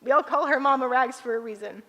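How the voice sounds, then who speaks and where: A woman's voice: high-pitched, fast, pushed and bright. A teenage girl reading a heartfelt speech to her teachers at a ceremony, laughing often and getting emotional. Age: late teens. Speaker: graduating student giving a speech. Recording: long hall reverb.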